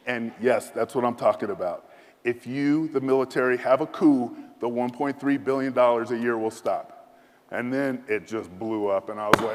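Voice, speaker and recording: A man's voice: mid-range voice, moderate pace. Man telling a story in an echoing hall. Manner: lively, self-deprecating storyteller who acts out quoted voices. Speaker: military leader giving a speech. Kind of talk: anecdotal storytelling speech. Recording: echoey hall.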